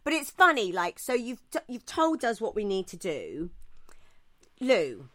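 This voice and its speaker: A woman's voice: medium pitch, huge pitch swings, measured pace, a bit bright. A woman with a British accent, co-hosting a casual podcast, chatty and swearing freely as she tells self-mocking stories. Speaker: podcast co-host.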